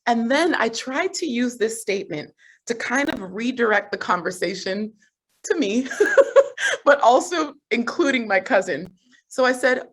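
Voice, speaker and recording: A woman coach telling a personal story on a group video call, animated and laughing often. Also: a little high, unhurried. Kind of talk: motivational group call talk.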